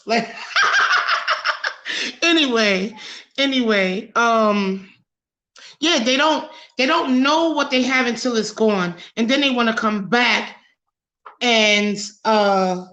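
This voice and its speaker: Female host, fairly high and slow-paced, animated and preachy, overheated under studio lights. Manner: animated, preachy, laughs a lot. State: overheated and sweating. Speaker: podcast host. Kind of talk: casual talk-show discussion.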